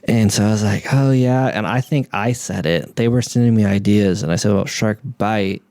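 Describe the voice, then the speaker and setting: A man's voice: fairly low pitch, normal speed, darkish tone, no room sound. A young man from Oklahoma, a podcast guest telling a loose, swear-laden story and acting out what people said. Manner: loose storytelling, swears freely, acts out quotes. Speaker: podcast guest, media company owner. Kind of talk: casual podcast chat.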